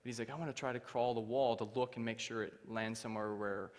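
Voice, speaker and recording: A man's voice: mid-range voice, fast. Young man telling a story in a reverberant church. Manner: animated, acts out the voices in his story. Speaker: guest speaker. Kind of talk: storytelling testimony. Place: church hall.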